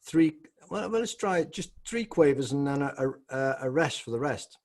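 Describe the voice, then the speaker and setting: A man's voice: mid-range voice, lively intonation, normal speed, darkish tone. A man co-teaching a guitar lesson, choosing chords hesitantly and thinking aloud.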